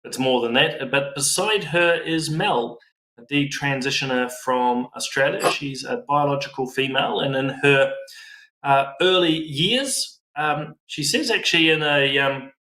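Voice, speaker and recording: New male panelist, crisp bright tone, explanatory, recorded in an echoey room. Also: mid-range voice, measured pace. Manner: explanatory, searching for words. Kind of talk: panel discussion.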